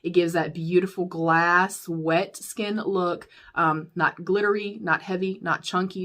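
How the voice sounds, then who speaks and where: A young American beauty YouTuber chats candidly through a makeup declutter, calling viewers "y'all" and laughing often. Her voice sits on the low side and is a bit bright, with fairly even intonation. She takes it slowly and hardly pauses.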